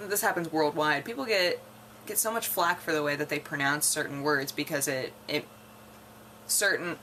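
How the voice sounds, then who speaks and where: Low-voiced woman musing casually. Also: bright, forceful tone, slight background noise. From North America. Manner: rambling and musing, laughs often, trails off. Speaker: vlogger. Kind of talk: casual chat to camera.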